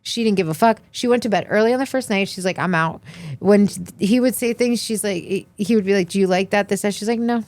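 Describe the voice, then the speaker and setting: A woman's voice: mid-range voice, a little fast, darkish tone, no room sound. A young woman co-hosting a podcast, recapping reality TV in casual chat and acting out quotes in many voices. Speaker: podcast co-host.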